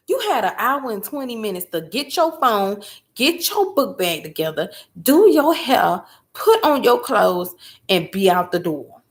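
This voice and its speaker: A mother chatting casually as a host, telling a story in an emphatic, animated way. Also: medium pitch, measured pace. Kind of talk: casual chat.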